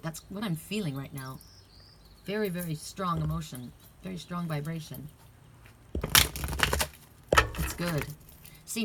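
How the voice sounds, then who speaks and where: A woman's voice: low-pitched, background noise. A middle-aged woman giving an earnest, heartfelt oracle card reading, emphatic and casual.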